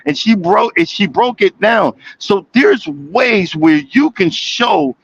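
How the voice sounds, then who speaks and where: A man with a high voice calls in from the cab of his truck for a casual chat. He stammers through restarts and laughs easily. The sound is dry and close. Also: lively intonation, slow pace, fairly bright tone, breathy edge, no room sound, lo-fi sound. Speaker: caller.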